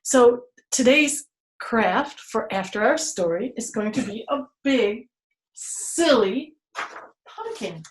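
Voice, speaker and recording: A woman leading a children's storytime and then a craft at her table. She talks in an unhurried, playful way, drops to hushed whispers for suspense, and gives kids gentle step-by-step directions. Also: a little high, animated. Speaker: children's museum storytime presenter. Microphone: camera she moves herself.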